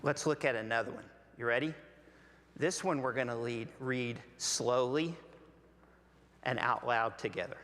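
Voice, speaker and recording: A man with a Southern American accent preaching a sermon as pastor, slow and deliberate with long pauses. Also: medium pitch, fairly bright tone. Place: large church sanctuary. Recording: long hall reverb.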